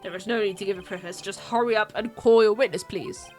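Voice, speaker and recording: A woman's voice: medium pitch, fast, faint music behind, natural voice. A woman voicing a stern, impatient old male judge in a game read-through. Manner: curt, impatient.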